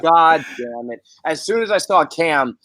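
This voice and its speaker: A man's voice: fairly high pitch, expressive, unhurried, sharp tone, no echo. A man hosting a casual sports podcast from an office, profane and exasperated as he talks. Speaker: podcast host.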